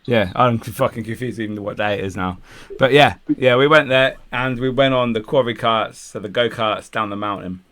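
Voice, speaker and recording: A man's voice: mid-range voice, moderate pace, few pauses, a bit bright. A man co-hosting a podcast, chatting casually about a day out, with some swearing. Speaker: podcast co-host. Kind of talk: casual chat.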